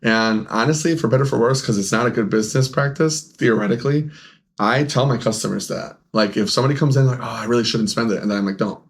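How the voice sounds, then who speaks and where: A man's voice: medium pitch, quick pace. A young man, a podcast co-host who owns a game store, telling rambling stories in casual chat, laughing often and acting out the people he quotes.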